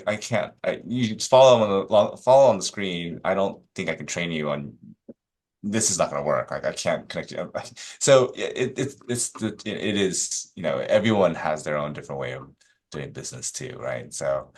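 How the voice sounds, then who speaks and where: A man, a real estate broker guest on a podcast, telling stories casually with lots of fillers and acting out the people he quotes. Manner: animated, acts out quoted agents with rising pitch; many fillers, quick asides.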